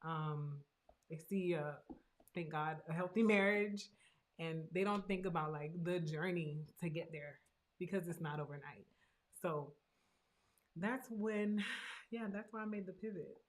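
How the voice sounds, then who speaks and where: A woman's voice: lowish voice, a little slow. A woman, a therapist and host, talking earnestly and encouragingly about her own hard experience. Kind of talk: heartfelt personal talk.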